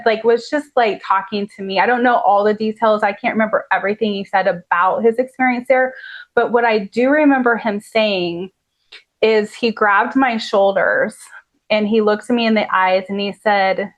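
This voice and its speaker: A woman tells a personal story as a podcast guest, earnest and heartfelt, her sentences loose and full of "like" fillers. Her voice sits at a middling pitch for a woman. The podcast audio is a little dull. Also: steady tone, normal speed.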